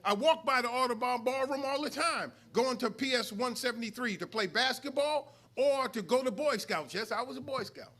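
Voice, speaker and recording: In a mosque hall, a middle-aged New Yorker who is a student minister teaches a sermon-style study lesson in a very high-pitched, pushed, bright voice. He moves at a moderate pace with few pauses, rising into emphatic swells and calling out to the congregation.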